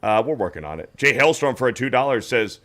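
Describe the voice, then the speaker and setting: Bright-voiced man reading super chats. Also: mid-range voice, lively intonation, fast. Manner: reads donor messages aloud, wry asides. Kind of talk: casual livestream chat.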